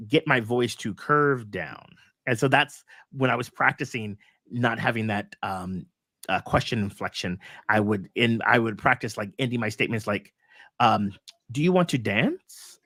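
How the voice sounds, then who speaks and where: A man's voice: on the low side, fairly even intonation, normal speed, pushed and bright, no echo, studio quality. A man hosting a casual coaching chat, upbeat and rambling with fillers. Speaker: host.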